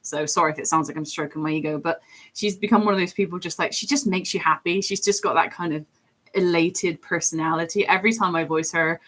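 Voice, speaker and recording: English woman in her 30s, deep low voice, rambly casual stream chat, lots of ums. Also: fairly even intonation, fast talker, fairly bright tone. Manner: rambling and chatty, with frequent fillers and laughs. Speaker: streamer and voice actor.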